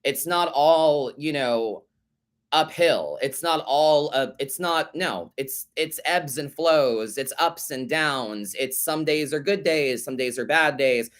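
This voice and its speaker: A man's voice: a little high, takes it slowly, a bit bright. A man hosting a live tarot podcast, answering listener letters in a sassy, profane way, calling listeners babe and honey and repeating his points for emphasis. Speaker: podcast host and tarot reader.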